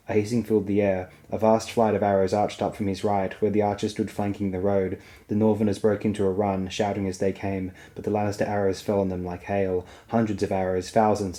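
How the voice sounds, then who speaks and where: A man reading a fantasy novel aloud as an audiobook, in a steady, even storytelling manner. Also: low voice. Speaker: audiobook reader.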